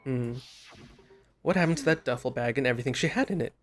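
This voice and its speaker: A young man hosting a casual gameplay session, chatting loosely and reading story dialogue aloud. His voice sits in an ordinary middle pitch. Faint music plays behind him. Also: fast talker. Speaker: let's play host.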